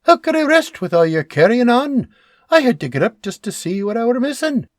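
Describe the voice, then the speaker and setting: Guy doing a high gushy young mum, husky edge, all over the place. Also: big pitch swings, fairly quick, no room sound, studio quality. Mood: gushing. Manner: exclamatory, gushing. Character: young woman, mother of a newborn, warm and excitable.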